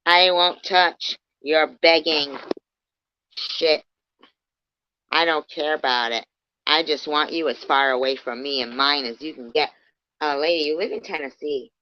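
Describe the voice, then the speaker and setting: A woman ranting angrily on a livestream, swearing heavily and swinging between low muttering and loud outbursts. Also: moderate pace. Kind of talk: angry ranting livestream commentary. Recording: dull lo-fi stream audio.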